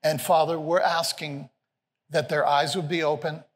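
A senior pastor, speaking at normal speed, gives a sermon to a live congregation, with a long reverb tail from the big church hall. His voice sits slightly high for a man, and he plays with the material animatedly, raising his pitch to voice quoted lines.

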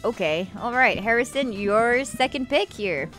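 A woman's voice: a little high, expressive, a little slow, fairly bright tone, faint music behind. A woman hosting a casual group call among friends, laughing often. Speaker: host of the draft.

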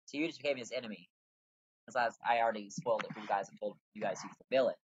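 A man's voice: lowish voice, fast talker, slightly rough, dry recording, muffled recording. A man chatting bluntly through a video game playthrough, swearing casually as he comments. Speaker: game streamer. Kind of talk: casual let's play commentary.

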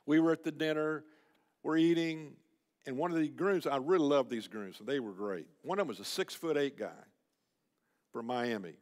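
A man preaching at a men's luncheon, telling a personal story, who swings from loud urging to a hushed, quiet voice. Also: medium pitch, big-room sound. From United States. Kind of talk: sermon storytelling.

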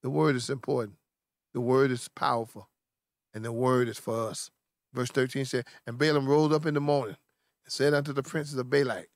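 A pastor preaching a sermon with fervent, repetitive emphasis, in speech. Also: male voice, mid-range voice, dry recording, clean studio sound.

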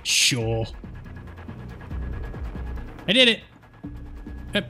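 A man giving jokey, excitable let's play commentary, swearing at the game as he plays. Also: fairly high pitch, extremely slow, pauses often, soft background music. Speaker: gaming streamer.

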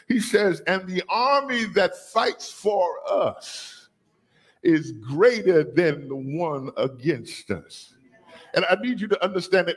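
A man preaching a sermon as bishop, calling on the congregation to repeat after him and rising to shouts. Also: sits high, husky. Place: church sanctuary.

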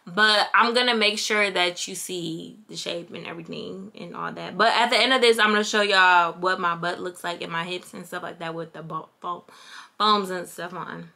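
Bright-voiced chatty young woman vlogging. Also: fairly low pitch, steady tone, moderate pace, creaky. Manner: chatty and candid, addresses viewers as "girl" and "y'all". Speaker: beauty vlogger. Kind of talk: casual Q&A vlog talk.

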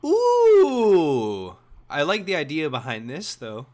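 A young man streaming, chatting casually and joking while he plays, his voice hoarse. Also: mid-range voice, a little slow. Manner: lively, chatty, jokey. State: hoarse, coughing. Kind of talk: casual chat while gaming.

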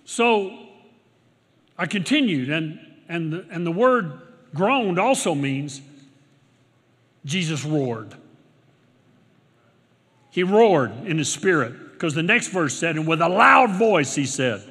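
An older man delivers a sermon from a church pulpit. His voice is bright and sits somewhat high for a man, rising to loud declarations and then dropping to near-murmured asides. Long reverb from the hall trails after each phrase. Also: animated, unhurried, pauses often. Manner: preaching with big swings from shouts to hushed murmurs. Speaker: pastor. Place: church sanctuary.

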